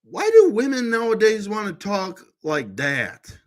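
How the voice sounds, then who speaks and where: A man's voice: high-pitched, wildly swooping pitch, unhurried. A man vlogger talking in a rambling monologue to camera, full of restarts and trailing fillers.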